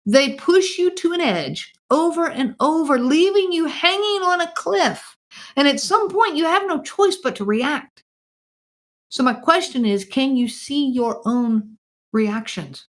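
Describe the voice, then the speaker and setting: A woman hosting a podcast, talking earnestly and directly to her listeners, asking them questions and often repeating phrases. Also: a little high. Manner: direct, emphatic, asks listeners many questions. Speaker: podcast host.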